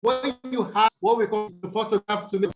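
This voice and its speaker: Nigerian male teacher, higher-pitched voice, patient step-by-step explaining, online class audio. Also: steady tone, fairly quick, dull audio, over music. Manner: explains step by step, asks students to answer. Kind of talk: online English lesson over video call. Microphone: video call.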